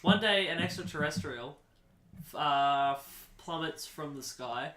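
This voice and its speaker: Young guy rambling deadpan on a comedy podcast, kinda high voice, roomy echo. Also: measured pace, slight background noise. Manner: rambling, deadpan improvised storytelling. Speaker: podcast co-host. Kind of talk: casual comedic chat. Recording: echoey room.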